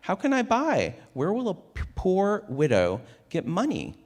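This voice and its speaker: A man's voice: wildly swooping pitch, unhurried, darkish tone, full character voice. A man reading aloud and voicing a poor, sick old widow who pleads and complains. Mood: plaintive. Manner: high, plaintive pleading.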